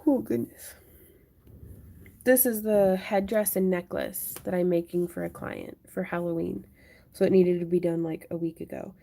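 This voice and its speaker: A woman's voice: on the low side, fairly even intonation, normal speed, gravelly, mellow. A young woman hosting a craft livestream, chatting casually and answering viewers while she works. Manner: chatty, thinks aloud and answers viewer chat.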